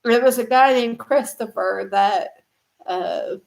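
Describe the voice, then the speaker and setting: A woman's voice: on the high side, slow, vocal fry, slight background noise. A middle-aged woman telling a rambling family story in a live stream, laughing often as she goes. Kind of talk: casual storytelling.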